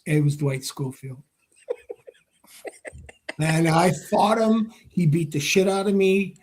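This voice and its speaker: A man with a slightly higher-than-usual voice spins a rowdy story in an interview. He acts out every line of dialogue and swears freely as he goes. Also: animated, measured pace, a little mellow. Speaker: former hockey player, guest.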